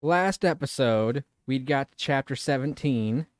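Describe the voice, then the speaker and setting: A man's voice: medium pitch, a little slow, no echo, studio quality. Rambling, swearing game-streaming man. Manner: rambling, self-mocking and swearing freely. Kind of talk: casual let's-play commentary.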